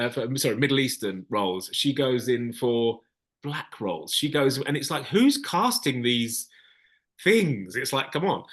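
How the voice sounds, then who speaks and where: A man's voice: medium pitch, a bit bright. A man, a casting director answering questions frankly in a Q&A, often restarting his sentences. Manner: frank, hesitant, with many restarts. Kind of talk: Q&A advice session.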